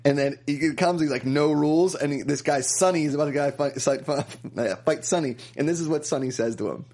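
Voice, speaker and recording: A man co-hosting a casual movie chat, animated and jumping into loud character voices. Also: fairly high pitch, fairly quick. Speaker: podcast co-host.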